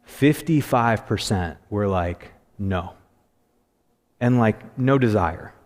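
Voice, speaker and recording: A man's voice: lowish voice, slow. Man preaching in a reverberant church. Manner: conversational storytelling, animated when quoting. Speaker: pastor. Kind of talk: sermon. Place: church sanctuary.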